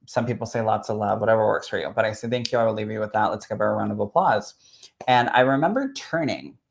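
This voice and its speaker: A man, a spirit medium, sharing a personal story in an expressive, chatty way that swells with emotion. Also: mid-range voice. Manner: expressive and chatty, full of "like" and "literally".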